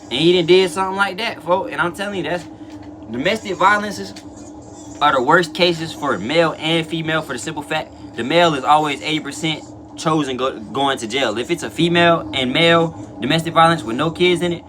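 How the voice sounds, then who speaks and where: A man's voice: on the high side, a little fast, background noise. A young man hosting a reaction video, talking casually in slang and rambling to his chat.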